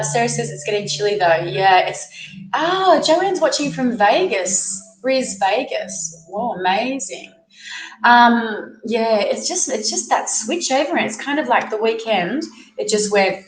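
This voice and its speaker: An Australian woman with a cold hosts a casual livestream, greeting viewers by name and reading their comments aloud. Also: mid-range voice. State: has a cold. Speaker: livestream host, tarot reader. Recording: echoey room with music playing. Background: music.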